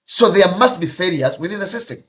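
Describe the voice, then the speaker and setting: A man with a South African accent, speaking forcefully to the press, condemning violence. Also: sits high, expressive, a little fast. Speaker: politician. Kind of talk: speech to press.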